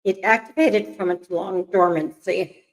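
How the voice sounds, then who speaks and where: An older woman reads aloud over a call, often stumbling over words and stopping to explain herself in a chatty way. She talks at an ordinary, middle pitch. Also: steady tone, low-quality recording. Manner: reads haltingly, coughs, apologizes, chatty asides. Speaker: co-host reading aloud. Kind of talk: casual reading and chat.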